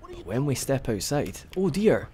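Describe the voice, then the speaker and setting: A man's voice: mid-range voice, sing-song, a little slow, darkish tone. A man giving casual, rambling let's-play commentary as he plays, joking and often restarting his sentences. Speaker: gaming video host.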